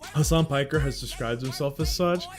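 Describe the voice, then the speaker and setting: A man's voice: mid-range voice, normal speed, faint music behind. A man in his thirties from New York, chatting candidly and rambling on a livestream, swearing casually as he talks. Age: 30s. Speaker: livestream host.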